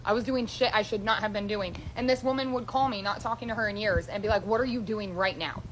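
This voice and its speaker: A woman's voice: mid-range voice, steady tone, fast talker, a little hiss or hum, low-quality recording. A woman telling a story casually to camera, blunt and emphatic, swearing freely.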